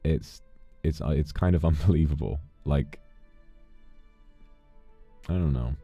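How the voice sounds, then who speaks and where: A man with a very dark, mellow, low voice and a gravelly edge talks softly and intimately, thanking his fans and fighting back tears. The audio is dull and lo-fi, with faint music under his voice. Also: a little slow, long pauses, dry recording. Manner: soft, intimate, emotional. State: emotional, holding back tears. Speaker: streamer. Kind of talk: casual livestream talk, reading out fan thanks.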